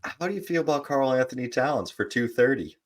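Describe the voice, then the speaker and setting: A man's voice: medium pitch, animated, fairly quick. A man co-hosting a podcast, chatting casually about sports and telling stories with joking asides. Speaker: podcast co-host. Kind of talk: casual sports debate chat.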